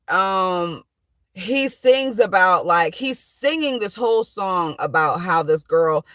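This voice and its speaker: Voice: mid-range voice, pushed and bright, no echo. A vlogger giving casual motivational talk from inside a parked car, earnest and reassuring, rambling with many fillers and restarts.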